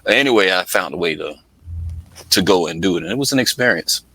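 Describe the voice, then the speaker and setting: Bright, low-voiced middle-aged man telling stories. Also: expressive, a little fast, slightly rough, no room sound, poor audio. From Atlanta. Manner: chatty, laughs often, acts out voices in anecdotes. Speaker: interview guest, music project manager. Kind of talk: casual storytelling interview.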